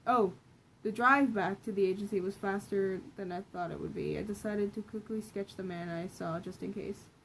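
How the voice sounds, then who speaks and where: Young woman, casual story reading, self-correcting, middle pitch, faint hiss. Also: steady tone, moderate pace, a bit bright, low-quality recording. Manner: self-correcting, laughs at her own writing. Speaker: reader of her own old stories.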